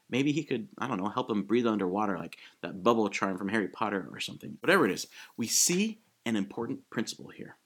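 A man preaching a sermon in a casual, animated way, acting out quick quotes as he goes. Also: medium pitch, breathy edge. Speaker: pastor.

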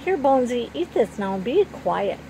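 A woman's voice: on the high side, big pitch swings, moderate pace, mellow, slight background noise, rough recording. A woman voicing a scrappy orphan girl who talks plainly and bluntly in a storybook reading. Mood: earnest. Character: scrappy orphan girl, guarded but loyal.

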